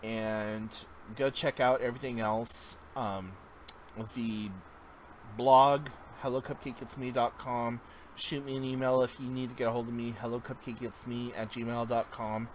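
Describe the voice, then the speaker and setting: A man's voice: medium pitch, little pitch movement, a little slow, slight background noise, poor audio. A man vlogging a casual check-in, talking in an earnest, encouraging way that drifts into tangents.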